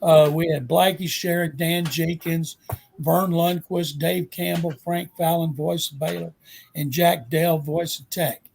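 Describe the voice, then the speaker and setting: Gravelly older Texan man telling stories. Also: a little high, unhurried, slight background noise. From Texas. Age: 70s. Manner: animated anecdote-teller, acts out quotes. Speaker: guest sportswriter. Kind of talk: storytelling interview.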